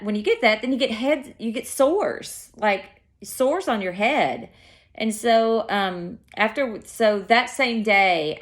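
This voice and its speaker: A woman chatting casually to camera, rambling and correcting herself mid-sentence as she tells her story. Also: fairly low pitch. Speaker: vlogger.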